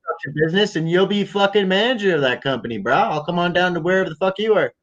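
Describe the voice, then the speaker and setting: A man's voice: high voice, animated, fast talker, a bit bright, muffled recording. A man hosting a late-night call-in chat, talking in a profane, rambling, joking way. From Canada. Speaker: host. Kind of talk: casual chat.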